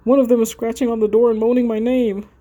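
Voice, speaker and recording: A woman's voice: a little high, level tone, quick pace, dark tone, pitched above the performer's own voice, close to an everyday voice. A woman reading the lines of a frightened teenage girl haunted by ghosts, in a tense, plain text-message delivery. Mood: panicked.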